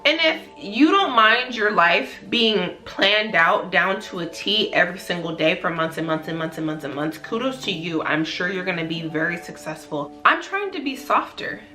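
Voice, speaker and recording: Woman vlogging a heartfelt pep talk, bright clear voice, soft music under it. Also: medium pitch. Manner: earnest, repetitive, emphatic. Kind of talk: heartfelt motivational talk to camera.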